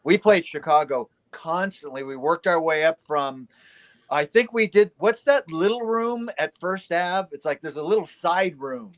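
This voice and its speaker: A man musician chatting casually, halting with restarts as he remembers. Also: on the high side, lively intonation. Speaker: guest, musician. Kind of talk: casual chat.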